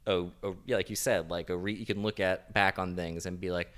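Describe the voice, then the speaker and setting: A man's voice: deep voice, fairly even intonation, brisk, hardly any pauses, fairly bright tone. A young man co-hosting a podcast, chatting casually in a laid-back, rambling way and reading quotes aloud. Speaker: podcast co-host.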